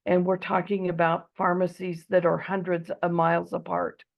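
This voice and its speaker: A woman's voice: on the low side, flat delivery, normal speed, creaky, dull audio. A woman from Eastern Oregon, losing her voice, giving an earnest debate speech with frequent ums over a video call. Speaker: debate speaker.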